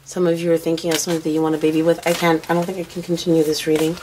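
A woman's voice: low-pitched, flat delivery, rapid-fire, noisy background. A woman giving a casual tarot reading to camera, rambling through what she senses, her voice worn out and tired. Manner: intuitive, rambling, mutters what she hears. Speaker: tarot card reader.

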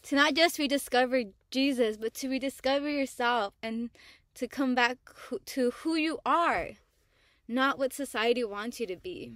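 A woman vlogger giving a casual, heartfelt personal testimony about her faith, in a slangy style with pauses and restarts. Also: high voice, a bit bright, dry recording, studio quality. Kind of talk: candid personal testimony to camera.

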